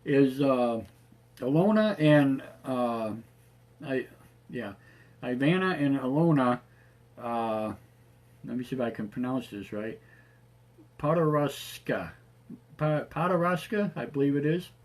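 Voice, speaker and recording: Male talk-show host, raspy tonight, loose rambling delivery, mid pitch. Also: measured pace, pauses often, darkish tone. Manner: rambling, many fillers and restarts. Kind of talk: casual live-show chat.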